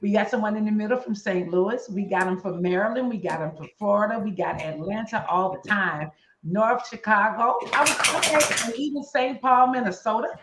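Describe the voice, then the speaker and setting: A woman's voice: medium pitch, roomy sound, background noise. A woman, co-hosting a casual live stream in a chatty, playful way. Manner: chatty, playful, quick to laugh.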